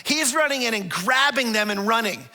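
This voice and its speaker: High, bright-voiced male pastor preaching. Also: normal speed. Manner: conversational, stumbling restarts and repeated words; animated storytelling with acted-out quotes. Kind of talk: sermon.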